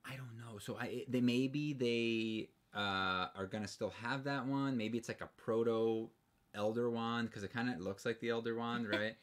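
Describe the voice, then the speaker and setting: A man's voice: medium pitch, fairly even intonation, normal speed. A man co-hosting a casual live stream, rambling and joking with frequent restarts. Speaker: livestream co-host.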